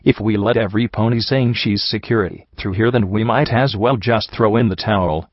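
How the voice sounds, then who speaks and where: A man's voice: lowish voice, fairly even intonation, brisk, no room sound, close to an everyday voice. A man voicing a cocky, pompous unicorn stallion who leads a bandit gang, talking down with smug condescension. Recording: dull lo-fi recording.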